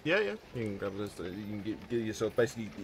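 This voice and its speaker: A man at a tabletop game, speaking quietly and offhandedly. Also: lowish voice, expressive, quick pace. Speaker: tabletop player. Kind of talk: casual game chat.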